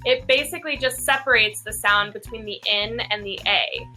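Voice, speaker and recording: A young American woman, an English teacher, patiently explaining pronunciation with clear examples. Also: medium pitch, normal speed, bright, forceful tone, faint music behind. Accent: General American.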